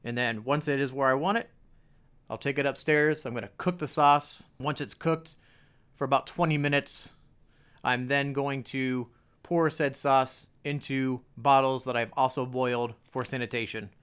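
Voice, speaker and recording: A man's voice: mid-range voice, fairly even intonation, normal speed, fairly bright tone, clear, resonant tone. A young adult man hosting a casual home cooking video, walking viewers through a recipe with jokey asides in a home kitchen.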